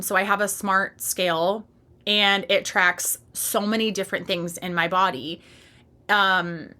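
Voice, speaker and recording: A woman's voice: medium pitch, bright, forceful tone. A woman in her thirties hosting a solo fitness podcast, talking in a passionate, emphatic and candid way with casual swearing. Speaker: podcast host and fitness coach.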